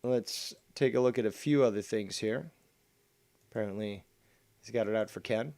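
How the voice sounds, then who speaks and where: A man hosts a stream and tears into a rival's clip with sneering, profane put-downs. His voice is smooth and clear, recorded close and dry with no room sound. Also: lowish voice, moderate pace, a little mellow, no echo. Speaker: stream host reviewing clips. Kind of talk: mocking commentary over a clip.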